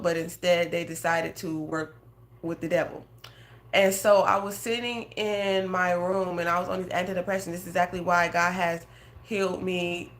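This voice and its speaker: A woman's voice: on the low side, fairly bright tone. A woman, a faith coach, telling an emotional personal testimony in an earnest, conversational way and talking straight to her listeners. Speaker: prophetic guidance coach.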